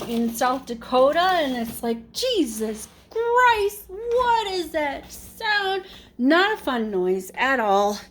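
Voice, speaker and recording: A woman's voice: a little high, a little hiss or hum. A woman vlogging casually, rambling with lots of fillers and restarts, using informal slang and mock exasperation. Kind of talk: casual chat.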